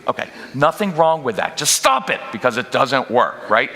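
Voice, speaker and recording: A man leading a parenting workshop at a church, talking directly and conversationally with quick asides to the audience. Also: a little high, expressive, pushed and bright. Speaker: guest speaker at a parenting workshop. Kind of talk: live workshop talk. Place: church hall. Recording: long reverb in a church hall.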